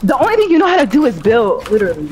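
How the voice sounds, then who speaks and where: A woman's voice: on the high side, wildly swooping pitch, rapid-fire, a little mellow, faint music behind. A young woman taunting her opponent during a game, mocking and swearing. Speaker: gaming opponent. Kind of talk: trash-talking gaming banter. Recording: noisy stream audio.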